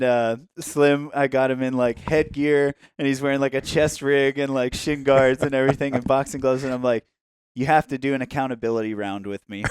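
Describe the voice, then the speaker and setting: A man's voice: mid-range voice, clear, resonant tone, no room sound, studio quality. A man, a podcast guest, telling a casual story in a rambling, profane way, full of "like" and "you know". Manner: profane, rambling, heavy with fillers.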